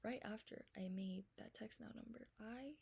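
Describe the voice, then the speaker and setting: A young woman telling a storytime vlog, recounting a text argument in a rapid, profane, exasperated way, swinging between loud venting and hushed asides. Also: a little high, gravelly, breathy edge.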